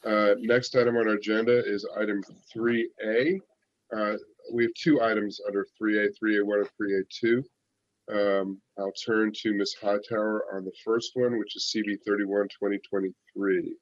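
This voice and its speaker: A man's voice: fairly low pitch, little pitch movement, normal speed, no room sound, dull audio. A man chairing a public planning board meeting, running through procedure steadily with filler uhs. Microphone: virtual call.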